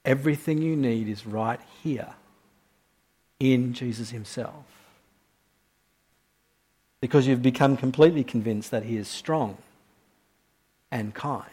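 A man preaching a sermon, moving between soft, slow reflective passages and louder, urgent questions to the congregation. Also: husky. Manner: swings from quiet, low reflection to loud, high-pitched questioning.

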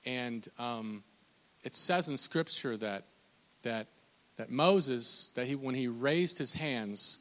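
Man, pastor preaching, forceful bright voice, restarts and repeats words, long hall echo. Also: medium pitch, slow pace. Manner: impassioned, repetitive, with frequent restarts and stammered repeats. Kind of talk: sermon.

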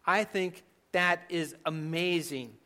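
Male pastor, slightly high, bright tone, emphatic conversational sermon delivery. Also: slow. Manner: emphatic, conversational preaching with sudden soft drops.

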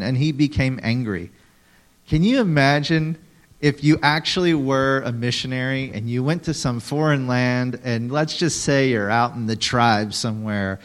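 A man in the middle of a sermon, speaking to a room of listeners at a mid pitch. He teaches in a lively way, asks people questions and acts out the lines he reads with big dramatic swings. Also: unhurried. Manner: animated, acts out quotes dramatically, talks to audience members. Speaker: pastor.

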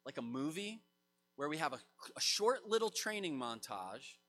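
Animated bright-voiced male preacher in a hall. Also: on the high side, normal speed. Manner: animated, acts out quoted voices. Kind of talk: sermon. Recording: long hall reverb.

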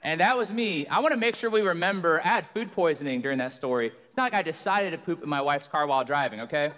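A young man preaching as a guest in a church, loud and joking as he tells a long funny story. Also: on the high side, animated, fast. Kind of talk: sermon. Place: church hall. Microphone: handheld or stage microphone. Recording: long reverb of a church hall.

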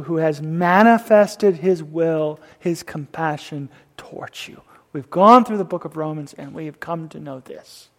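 High-voiced preacher in a reverberant hall. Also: male voice. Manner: swings from loud emphasis to soft whispers. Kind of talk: sermon.

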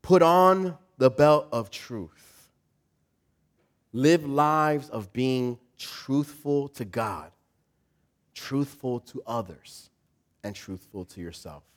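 A male pastor giving a casual, humorous sermon with dramatic swings between loud and soft. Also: mid-range voice, animated, extremely slow, pauses often.

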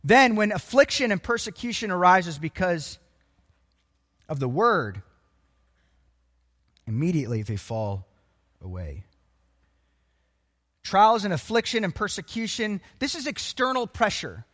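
A man preaching a sermon, emphatic and animated, quoting scripture. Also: high-pitched, a little slow, long pauses, long reverb tail. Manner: animated and emphatic, acts out voices of people.

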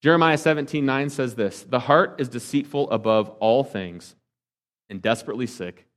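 Man preaching, swinging loud to hushed. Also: mid-range voice, normal speed. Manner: preaching with rhetorical questions to the congregation; swings between emphatic and hushed delivery. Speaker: pastor. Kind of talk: sermon.

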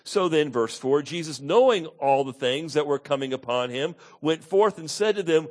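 A man preaching an expository sermon, reading scripture and then driving his points home, swinging from loud emphatic peaks to hushed, low asides. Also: moderate pace, few pauses. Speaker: pastor.

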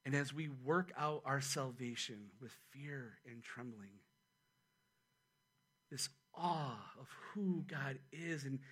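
A man preaching a sermon as pastor, animated and conversational, with quick asides to his church. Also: mid-range voice, slightly rough. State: a little out of breath.

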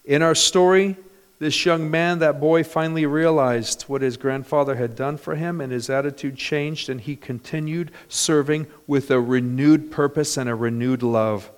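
A man preaching a sermon in a church, his voice set a little higher than most men's. His delivery is animated and storytelling, and it rises into loud, emphatic bursts. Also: normal speed, clear, resonant tone. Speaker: pastor.

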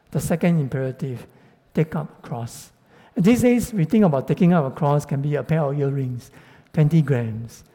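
Middle-aged man, sermon, earnest direct address to the congregation, very dark mellow voice, long hall reverb. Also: on the high side. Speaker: preacher.

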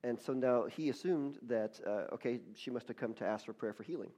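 A man's voice: medium pitch, a little fast, mellow. A man giving a sermon, telling a story with frequent restarts and repeated words, building to fervent praise. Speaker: pastor.

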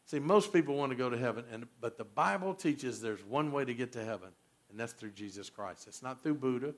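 A man's voice: mid-range voice, fairly quick. A man, preaching a sermon as pastor, telling stories and quizzing the congregation. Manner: animated storyteller, quizzes the congregation.

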